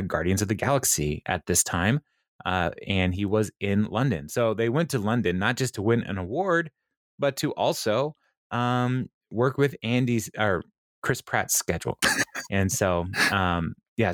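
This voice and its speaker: Chatty low-voiced man recapping a show. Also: dry recording, studio quality. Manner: rambling, many fillers, laughs at own retelling. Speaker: podcast host recapping a TV show. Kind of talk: casual chat.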